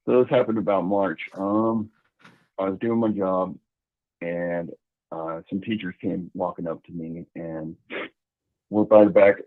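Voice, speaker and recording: A man's voice: low voice, fairly even intonation, unhurried, long pauses, no echo. A man telling a story in a casual, rambling way, full of restarts, heard over a tinny line. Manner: rambling, hesitant, with many restarts.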